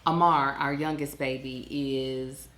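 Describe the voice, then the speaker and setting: A woman with a low, full voice co-hosts a casual podcast and tells family stories with plenty of animation. She laughs easily and slips into little voices as she goes. The sound carries a noticeable room echo. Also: slow. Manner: animated storytelling, laughs often, acts out voices. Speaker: podcast co-host. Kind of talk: casual chat. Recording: echoey room.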